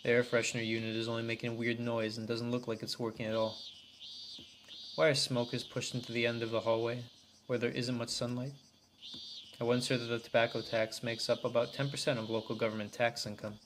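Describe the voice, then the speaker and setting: A man reads a detective tale aloud in an even, unhurried voice with very little rise and fall. Crickets chirp faintly in the background of his recording. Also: medium pitch, background noise. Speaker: narrator and reader of all parts. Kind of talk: amateur audiobook reading of a translated visual novel.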